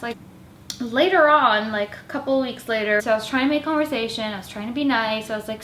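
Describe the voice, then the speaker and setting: A woman's voice: fairly high pitch, fast, a little hiss or hum. Chatty young woman in an echoey room. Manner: chatty, animated, many "like" fillers. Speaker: vlogger telling roommate stories. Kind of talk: casual storytime monologue.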